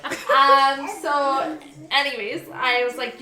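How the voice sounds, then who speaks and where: A woman's voice: sits high, moderate pace, reverberant, over a noisy crowd. A young woman co-hosting a podcast, telling a chatty personal story and laughing as she goes. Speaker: podcast co-host. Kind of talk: casual chat, storytelling.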